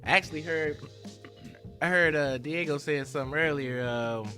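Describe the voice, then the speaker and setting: A man hosting a casual interview in a restaurant, asking playful, animated questions. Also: fairly high pitch, moderate pace. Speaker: show host. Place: indoors in a restaurant. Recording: music in the background.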